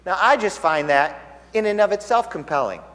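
A man preaching a sermon in an animated, conversational way, often asking rhetorical questions. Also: high-pitched, normal speed. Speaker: pastor. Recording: echoey hall.

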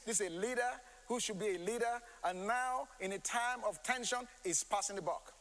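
A man preaching a sermon, emphatic and animated, with many rhetorical questions. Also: high-pitched, normal speed, few pauses, big-room sound, poor audio.

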